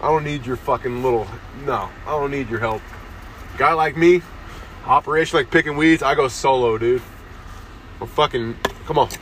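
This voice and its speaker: A man's voice: mid-range voice, normal speed, fairly bright tone. A young man hosting a comedy podcast, ranting crudely outdoors and saying "dude" constantly into a phone held to his face. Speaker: podcast host. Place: outdoors in a town, near parked cars. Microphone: phone held close to the face. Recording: phone recording outdoors with faint street noise.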